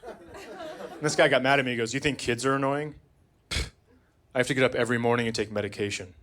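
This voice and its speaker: A man doing stand-up comedy on stage, profane and sardonic, with dry deadpan asides. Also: medium pitch, fast talker. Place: comedy stage before a live audience. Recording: live audience laughter throughout.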